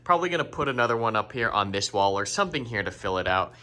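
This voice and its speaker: A man's voice: on the low side, big pitch swings, quick pace, pushed and bright. A young man casually showing off his home gaming setup, easygoing and grateful, with plenty of ums and uhs. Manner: easygoing, grateful, loose with fillers. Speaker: gaming YouTuber and streamer. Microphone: studio condenser mic on an arm.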